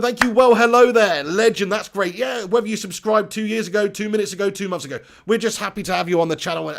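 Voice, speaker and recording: Bloke on a live stream, high gravelly voice, chatty shout-outs to the chat. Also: male voice. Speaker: football channel host.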